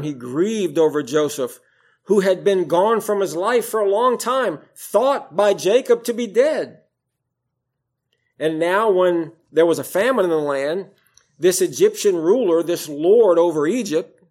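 A male preacher with a slightly higher-than-usual voice, delivering a sermon. He swells into loud, emphatic stretches and then drops to hushed, low lines. He quotes scripture in old King James wording. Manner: rises and falls in volume, emphatic then hushed.

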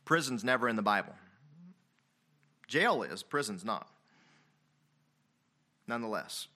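A man preaching a sermon, swinging between loud emphatic passages and quiet, confessional ones, reading scripture aloud. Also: fairly low pitch, big pitch swings, measured pace. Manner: reads King James scripture aloud.

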